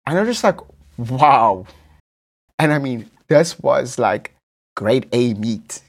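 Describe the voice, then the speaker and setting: A South African man hosting a podcast, telling a story with camp flair and lots of repeated phrases. His voice sits at a middling pitch. He talks casually and with animation. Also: expressive, a little slow, creaky, darkish tone. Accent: South African English. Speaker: podcast host.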